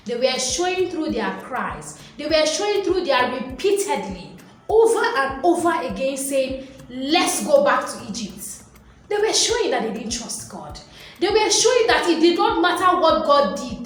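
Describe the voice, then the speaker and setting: A woman reading and teaching from the Bible, telling the story in a lively way and acting out the voices. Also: sits high. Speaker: Christian video teacher. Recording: very echoey room.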